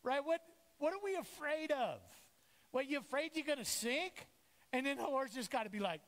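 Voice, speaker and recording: Animated, high-voiced pastor in an echoey church. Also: male voice, moderate pace. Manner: animated, acts out voices of biblical figures. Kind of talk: sermon. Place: church sanctuary.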